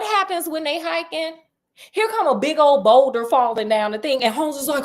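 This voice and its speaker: A woman retelling a classic story in a casual, animated way, full of jokey slang asides to her listeners. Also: high voice, moderate pace.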